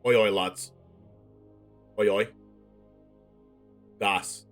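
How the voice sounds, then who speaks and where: A man putting on a rough Scottish accent to impersonate a cheeky male card-game commentator, in a low, gruff mumble. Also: fairly even intonation, extremely slow, faint music behind. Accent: attempted Scottish.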